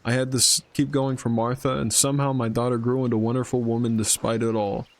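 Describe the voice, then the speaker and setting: A man's voice: mid-range voice, flat delivery, fast talker, close to an everyday voice. A man voicing a grieving, stubborn old male villager from a narrative game, reading the lines aloud in a plain voice.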